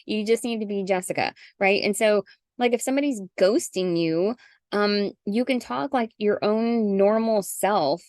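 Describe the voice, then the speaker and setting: A woman's voice: medium pitch, normal speed, no echo, clean studio sound. Chatty woman coaching on a video call. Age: middle-aged. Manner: chatty, animated, acts out sample messages. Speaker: guest coach. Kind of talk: casual zoom call. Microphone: video call mic.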